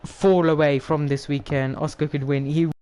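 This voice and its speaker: A young man, commentating his racing game on a live stream, excitable and rambling as he talks to chat. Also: fairly high pitch, moderate pace, clean tone.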